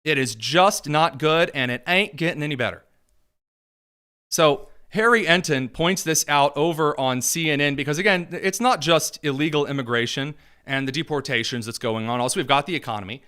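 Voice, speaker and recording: Bright-voiced sarcastic male political host. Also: on the high side, normal speed, clean tone. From Indiana, USA. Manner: sarcastic and mocking. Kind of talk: political commentary.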